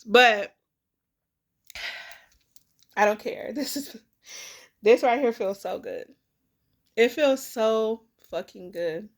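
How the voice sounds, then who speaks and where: A woman's voice: a little high, slow, long pauses. A woman in a candid, emotional personal vlog, tearful and rambling with many fillers, speaking. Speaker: vlogger.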